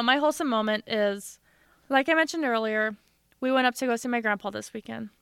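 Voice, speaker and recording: A woman's voice: fairly high pitch, a bit bright, smooth, dry recording. A young woman co-hosting a podcast, telling a story in a chatty, sarcastic way. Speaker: podcast co-host. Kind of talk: casual chat.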